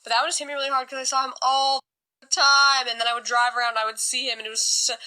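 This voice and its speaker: A young woman from California, chatting to her phone about her past in a bright, clear voice that sits a little high. She rambles with plenty of fillers and jumps into animated quoted lines. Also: fast, low-quality recording. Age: young adult. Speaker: singer vlogging. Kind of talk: casual storytelling to phone.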